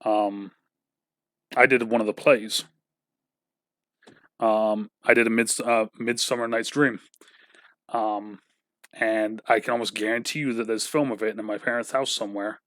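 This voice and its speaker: A man's voice: lowish voice, fairly even intonation, a little slow, pauses often, fairly bright tone, no room sound. A man from England hosting a casual podcast, talking in a rambling way with lots of filler words and swearing. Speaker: podcast host.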